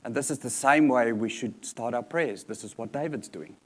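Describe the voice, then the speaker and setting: Guy preaching a sermon, earnest, hammers points home by repeating them, ordinary pitch. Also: moderate pace.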